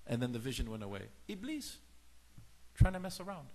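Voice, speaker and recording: A man's voice: a little high, quick pace. A man giving a lecture on faith in sermon style, telling stories and acting out the lines of the people in them. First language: Farsi speaker. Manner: animated storytelling, acts out dialogue in shifting voices. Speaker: religious teacher.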